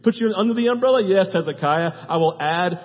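A man voicing God as an eager, loving father, talking excitedly and repeating his promises. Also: sits high, a little fast. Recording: long hall reverb, dull sound.

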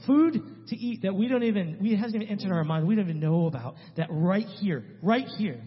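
A man, a missionary speaking to a church, telling a story in an emphatic way that swings between loud and hushed. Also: high-pitched, expressive, a little fast. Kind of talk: animated testimony storytelling. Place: church sanctuary. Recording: reverberant hall, dull lo-fi sound.

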